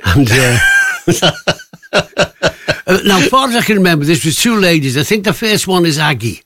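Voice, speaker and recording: A man's voice: a little high, big pitch swings, moderate pace, pushed and bright, no echo. A man presenting a radio show in casual, joking chat, rambling and laughing often.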